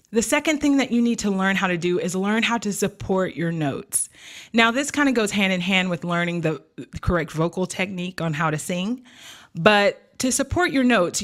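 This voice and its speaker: A woman vocal coach giving a singing lesson, explaining breathing and support in clear step-by-step instructions and counting exercises aloud. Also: lowish voice, a bit bright.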